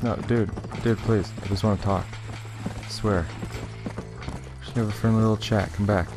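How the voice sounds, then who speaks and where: Young male gamer, deep voice, swears a lot while playing, game music under him. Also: steady tone, normal speed. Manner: frustrated, swears constantly. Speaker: let's play gamer. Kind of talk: gameplay commentary. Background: game music and horse hooves.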